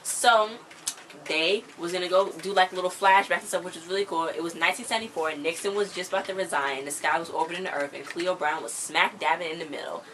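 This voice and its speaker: A woman's voice: on the low side, brisk, a bit bright, slight background noise. A woman casually recapping a TV episode, chatting and retelling scenes with lots of "like" and "you know.". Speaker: TV episode reviewer.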